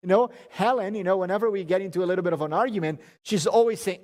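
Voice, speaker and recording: A man giving a conversational marriage seminar talk, animated and humorous, often restarting and repeating words. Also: sits high, fast talker, few pauses, long reverb tail.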